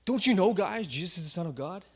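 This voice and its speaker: A man's voice: high voice, expressive, quick pace, darkish tone, slightly rough, exaggerated voice. A man voicing a zealous newly converted apostle who insists on his message earnestly. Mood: insistent.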